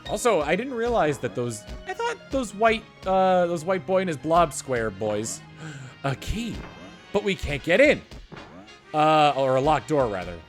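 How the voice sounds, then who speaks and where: A man's voice: a little high, sing-song, measured pace, faint music behind. A man playing a video game and commenting playfully, with silly asides and rambling thoughts. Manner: playful, silly, bursts into made-up songs. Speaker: let's-play host. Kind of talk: gaming commentary.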